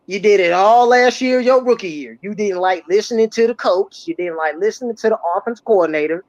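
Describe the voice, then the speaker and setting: A podcast host, ranting about football in loud, mocking trash talk. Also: medium pitch, a little fast, few pauses, dry recording. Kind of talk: heated sports podcast talk. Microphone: remote streaming mic. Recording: dry, slightly muffled audio.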